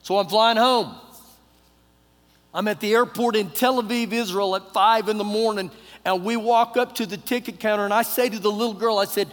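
A middle-aged man with a Texan accent preaching a sermon, telling a personal story in a folksy way, acting out dialogue, his voice swinging between loud and hushed. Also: high voice, brisk. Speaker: pastor. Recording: long hall reverb.

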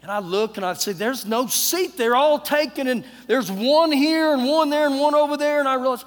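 A middle-aged man with a Texan accent preaching a sermon, telling a personal story in a folksy way, acting out dialogue, his voice swinging between loud and hushed. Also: very high voice, moderate pace, few pauses. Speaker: pastor. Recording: long hall reverb.

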